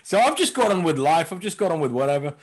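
A comedian guest chatting playfully over a video call, rambling and laughing often. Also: male voice, fairly high pitch, sing-song, fast talker. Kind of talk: casual comedic chat.

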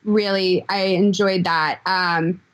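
A woman's voice: on the low side, fairly even intonation, slow pace. A woman chatting as a podcast guest. She talks hesitantly, with many fillers and frequent "like". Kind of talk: casual chat.

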